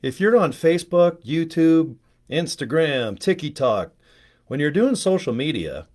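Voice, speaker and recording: Casting note: man, casual rambling livestream host, jokey and digressive, mid-pitched everyday voice. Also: a little mellow. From United States. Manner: chatty, digressive, joking. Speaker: network marketing trainer. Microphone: webcam or phone on a live stream.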